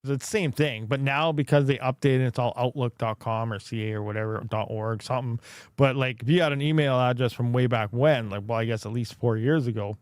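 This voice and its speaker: A man's voice: medium pitch, fairly even intonation, fairly quick, clean tone, no echo, clean studio sound. A man hosting a casual livestream, rambling, thinking aloud and laughing often. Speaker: crypto mining livestream host.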